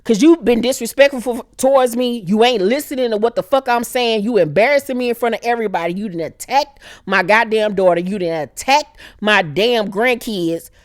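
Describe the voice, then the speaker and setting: Animated woman recapping a TV show. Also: fairly high pitch, brisk, hardly any pauses, dry recording, studio quality. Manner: animated, acts out characters in exaggerated voices. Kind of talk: casual profane TV recap.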